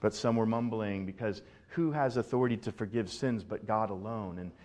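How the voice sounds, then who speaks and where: A male pastor giving a sermon in a conversational, animated way, often repeating words as he builds a point. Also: lowish voice, normal speed.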